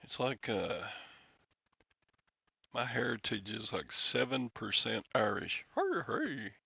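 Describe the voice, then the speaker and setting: Older man, livestream host; bright, forceful gravelly voice, slow rambling chat. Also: on the low side, no room sound. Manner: rambling, chuckling, sighing. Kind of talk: casual chat with viewers. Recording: dull lo-fi, dry sound.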